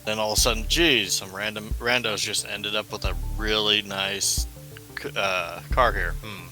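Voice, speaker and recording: Bright-toned wry male player. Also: fairly low pitch, fairly even intonation, normal speed, faint music behind. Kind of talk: casual tabletop play.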